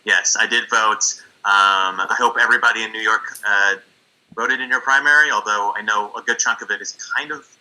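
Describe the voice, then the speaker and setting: A man's voice: lowish voice, fairly even intonation, moderate pace, pushed and bright, poor audio. A man co-hosting a comedic online game show over a video call, laid-back and chuckling, with lots of fillers. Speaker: co-host.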